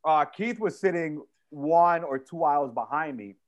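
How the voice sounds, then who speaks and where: Animated man telling a story. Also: fairly high pitch, a little slow. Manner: animated, acts out voices in anecdotes. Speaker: podcast co-host. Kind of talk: casual comedic storytelling.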